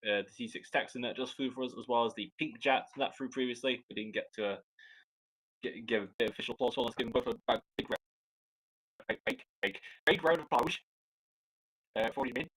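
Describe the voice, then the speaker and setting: A Scottish man talks his way through live air show commentary. He is chatty and loose, cracking jokes and restarting sentences as he goes, in a voice of ordinary middle pitch. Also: fairly even intonation, quick pace, fairly bright tone, husky, rough recording. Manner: chatty, joking, rambling with restarts.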